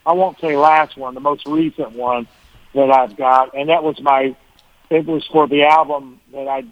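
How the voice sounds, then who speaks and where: A man's voice: fairly high pitch, fairly even intonation, moderate pace, no room sound. A man, a guest musician, telling rambling stories in a casual interview, often restarting and chuckling. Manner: rambling, self-correcting, chuckling. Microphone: phone. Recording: tinny phone line.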